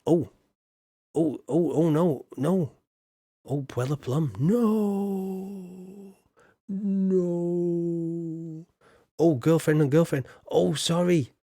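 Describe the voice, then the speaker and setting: A Yorkshire man streams a farming game and banters with his chat in a loose, joking way. His voice is gravelly with a husky, rough edge. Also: fairly high pitch, unhurried, warm tone, dry recording, clean studio sound. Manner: chatty, jokey, banters with chat, slips into put-on voices.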